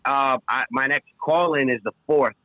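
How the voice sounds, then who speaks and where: A man's voice: mid-range voice, moderate pace, bright, forceful tone, highs cut off. A man talking as a podcast guest in casual, slangy chat, swearing often.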